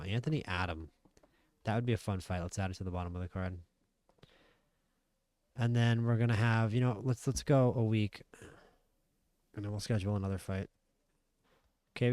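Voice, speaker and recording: A man's voice: lowish voice, darkish tone, no room sound. A man giving casual let's-play commentary, thinking aloud with frequent restarts. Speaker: gaming channel host.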